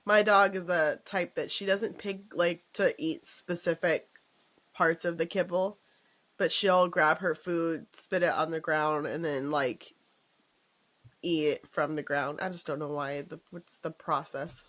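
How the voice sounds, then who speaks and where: A woman hosting a podcast in casual chat, telling stories in an animated way and laughing often. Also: deep voice, measured pace. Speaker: podcast host.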